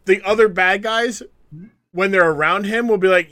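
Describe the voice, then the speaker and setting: High-pitched and speaking at a normal speed, a man co-hosts a casual podcast. He tells his stories with plenty of energy, performing the people he quotes.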